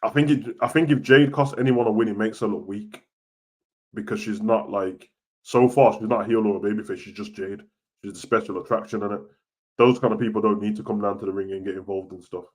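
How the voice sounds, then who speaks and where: A young man, chatting casually about wrestling on a live stream, slangy and animated, getting loud and then dropping soft. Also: on the low side, brisk. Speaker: wrestling show host. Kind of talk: live-stream chat reading comments.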